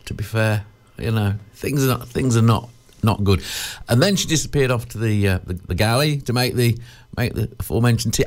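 A man presents a radio show from the studio. His delivery is chatty and digressive, full of jokes, with a lively, swinging pitch. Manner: rambling, digressive, jokey.

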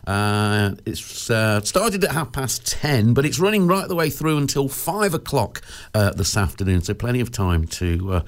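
A man presenting local radio, chatting casually with plenty of fillers and restarts. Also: lowish voice.

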